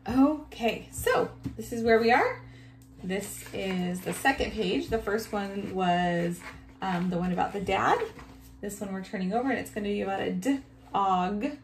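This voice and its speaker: A woman teacher giving a recorded reading lesson to young children, reading each line slowly and praising often. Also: mid-range voice, creaky. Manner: slow, exaggerated reading aloud with cheerful praise. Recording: echoey room, faint background hum.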